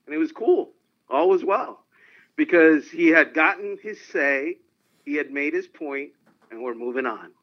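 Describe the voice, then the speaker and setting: Male guest, slightly high voice, animated anecdotes, muffled lo-fi audio. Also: a little slow. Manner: animated anecdotal storytelling, frequent laughs. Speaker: sportswriter guest. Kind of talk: phone-in interview storytelling. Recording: dull lo-fi line.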